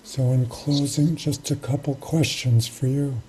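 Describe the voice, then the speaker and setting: Zen teacher telling an old story really slow, mellow low-key voice, calm and measured. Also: a little hiss or hum, rough recording. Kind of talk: storytelling sermon.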